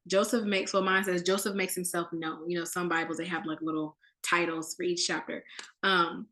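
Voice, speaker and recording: Woman, casual Bible study teacher, bright tone, roomy echo. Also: on the low side, moderate pace. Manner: animated, conversational, with slang.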